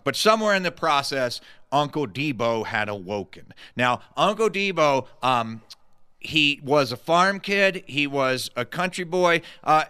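Lively, bright-voiced male storyteller. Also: on the high side, smooth. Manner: animated comic delivery with vivid asides. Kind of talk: humorous storytelling performance.

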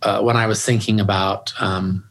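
A man's voice: lowish voice, flat delivery, normal speed, fairly bright tone. A middle-aged man guesting in an interview, speaking earnestly and often restarting and repeating his words. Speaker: grief organization founder, guest. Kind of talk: conversational interview.

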